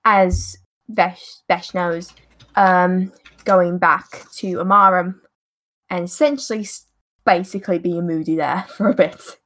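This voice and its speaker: A woman's voice: on the low side, steady tone, slow, a bit bright. A woman narrating a tabletop game as game master, in a casual, rambling way with frequent hesitations.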